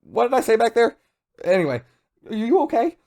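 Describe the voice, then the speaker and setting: A man voicing a panicking young man who babbles over his friend in a much higher voice. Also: very animated, brisk, darkish tone, full character voice. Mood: frantic. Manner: frantic, babbling, high-pitched.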